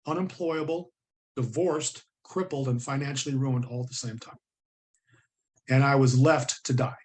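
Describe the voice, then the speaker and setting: A middle-aged American man, a guest on an interview show, telling his story earnestly and vividly, acting out the voices of people he quotes. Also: mid-range voice. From United States.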